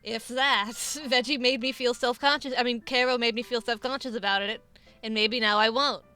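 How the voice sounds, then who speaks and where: A woman's voice: on the high side, fairly even intonation, moderate pace, sharp tone, smooth, soft background music. A young adult woman hosting a stream, chatting casually, rambling with lots of restarts, swearing and laughing often. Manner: rambling, self-interrupting, swears and laughs a lot. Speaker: streamer host. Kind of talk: casual chat.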